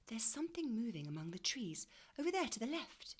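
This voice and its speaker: A woman voicing a sensible, watchful older sister in a read-aloud storybook, speaking in urgent, hushed tones. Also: a little high, big pitch swings, fairly quick, slightly rough, voice pushed up.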